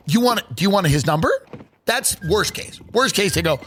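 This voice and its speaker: Hosting a comedy podcast, this middle-aged man speaks at a moderate pace with lively intonation and big pitch swings, his voice a bit bright. He riffs with sarcasm, performs mock dialogue and swears freely, over a faint hiss or hum.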